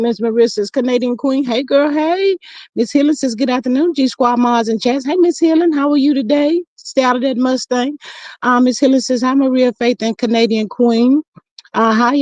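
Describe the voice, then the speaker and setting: A woman's voice: fairly high pitch, a little mellow, dry recording, highs cut off. A woman hosting a livestream, casually chatting and reading viewer comments aloud in a drawling, familiar way. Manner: chatty, drawling, calls everyone child and girl. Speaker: livestream host.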